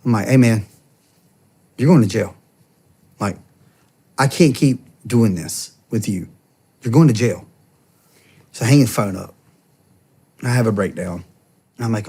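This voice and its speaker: A man's voice: on the low side, unhurried, long pauses, mellow, husky. A man, a former police officer and podcast guest, tells an emotional personal story in an earnest, conversational way. He acts out what others said and often restarts his sentences. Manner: acts out the quoted speech of others while telling the story.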